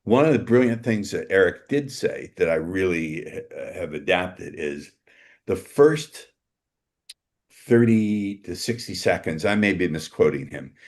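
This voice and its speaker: A man's voice: low voice, expressive, measured pace. A man speaking as a guest on a dating-coach panel, blunt and sarcastic when he mocks rival coaches. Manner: blunt, mocking about rivals. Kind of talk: casual panel chat.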